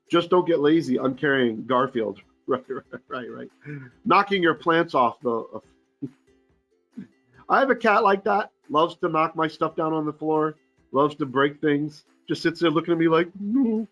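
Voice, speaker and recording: A man with a fairly high voice leads a relaxed Torah class as a rabbi. He chants each Hebrew verse before translating it in loose, joking talk, clearing his throat now and then. Faint music plays softly behind him. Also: a little slow. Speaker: rabbi teaching a Torah portion. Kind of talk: informal online Torah class.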